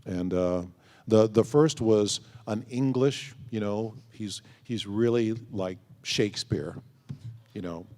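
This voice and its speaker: Slow and dark-toned, on the low side, a man responds to fans as a guest on a convention panel. He spins anecdotes and performs the quoted dialogue, while the large hall leaves a long reverb.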